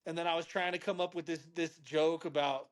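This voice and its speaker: A man's voice: a little high, fairly even intonation, brisk. A man who does comedy, co-hosting a podcast and telling a story in a laid-back way, swearing casually.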